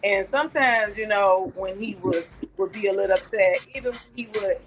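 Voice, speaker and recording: A woman's voice: mid-range voice, normal speed, noisy background. A woman guest on a talk show, chatting in a rambling, tender way while remembering her late nephew over a video call. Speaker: guest, aunt of the deceased.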